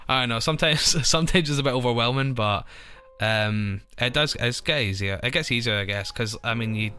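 A man's voice: medium pitch, a little fast, pushed and bright, clean tone, no echo. A young Scottish man, a touring musician, chatting casually on a podcast, rambling with lots of "like" fillers. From Scotland. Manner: rambling, full of "like" fillers, self-described anxious.

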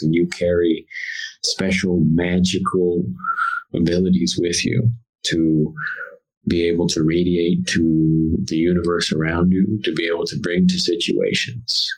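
A man on a podcast telling a story and giving earnest spiritual advice, slowing down on key words. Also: deep voice, low-quality recording. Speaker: podcast guest, intuitive.

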